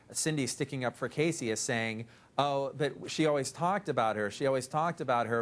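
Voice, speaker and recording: A man reporter talks through a case on a talk show at a medium pitch. His sentences ramble and restart, with quoted asides thrown in.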